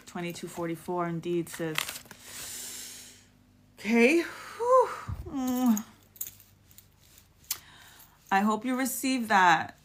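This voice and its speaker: A woman giving a casual, affectionate live tarot reading, spiritual and encouraging, with many restarts. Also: medium pitch. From United States. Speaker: tarot reader.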